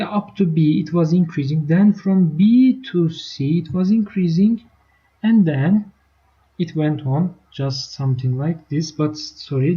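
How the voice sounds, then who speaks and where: This woman's voice is low and warm. She's running a live math lesson online, breaking the material into steps and pausing to check on her students, all captured in muffled lo-fi stream sound.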